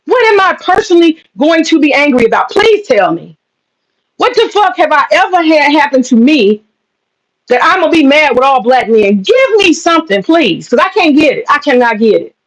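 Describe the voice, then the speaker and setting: A woman's voice: sits high, sing-song, normal speed, poor audio. A woman hosting a ranting opinion commentary, blunt and profane, firing rhetorical questions. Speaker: commentary channel host.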